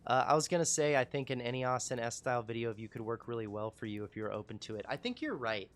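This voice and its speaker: A man's voice: mid-range voice, animated, quick pace. A man hosting a casual livestream talk show, rambling, profane and self-mocking.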